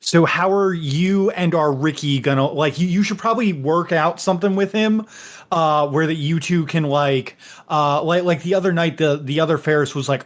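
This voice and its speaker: A man narrating a tabletop game as game master, rambling and halting with many fillers. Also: fairly high pitch.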